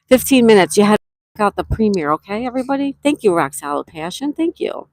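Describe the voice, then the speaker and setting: A chatty woman hosts a relaxed livestream from a campsite cabin, greeting each viewer by name. Her voice sits at an ordinary middle pitch, and the sound is dry and close with little room echo. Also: fast. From Western New York. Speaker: livestream host. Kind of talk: casual live chat, reading comments aloud.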